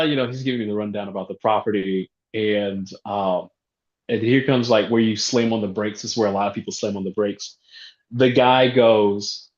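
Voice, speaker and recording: Animated man telling a story in a roomy hall. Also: mid-range voice, a little fast. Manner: animated storyteller, acts out phone calls, laughs often. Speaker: real estate investor. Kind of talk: conference talk storytelling. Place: event room. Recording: roomy, dull lo-fi sound.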